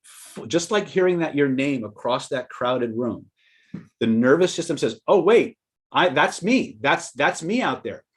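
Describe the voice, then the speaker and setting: A man teaching persuasion in a conversational seminar style, telling stories and acting out quoted lines with sudden loud outbursts. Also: medium pitch. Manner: conversational, with restarts and asides to listeners. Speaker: persuasion trainer. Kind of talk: live seminar storytelling and teaching.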